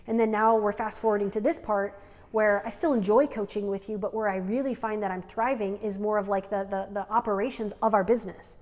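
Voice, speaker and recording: A woman's voice: medium pitch, steady tone, a little fast, a little mellow. A woman co-hosting an unscripted couple's podcast, talking in a rambling way with frequent "like" and "right?". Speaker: podcast co-host. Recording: long reverb.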